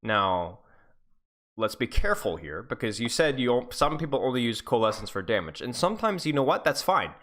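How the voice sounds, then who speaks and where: A man in his twenties or so gives one-on-one game coaching with a lively, teasing delivery. His pitch swings widely, from low grumbles up to high squeals, in a middle-range voice. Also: a little fast. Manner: animated, teasing, jumps between high and low.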